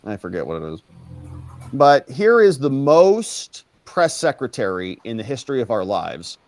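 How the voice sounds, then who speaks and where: A man hosting a sarcastic political commentary show, his pitch swinging widely as he mocks and repeats lines. The sound is dry and close, with no room echo. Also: big pitch swings, darkish tone. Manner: mocking, drawn-out sarcastic repetitions.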